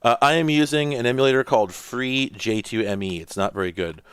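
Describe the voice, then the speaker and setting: A man's voice: mid-range voice, moderate pace, clear, resonant tone, no room sound. A man hosting a casual let's-play, rambling and thinking aloud with lots of fillers as he plays. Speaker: host.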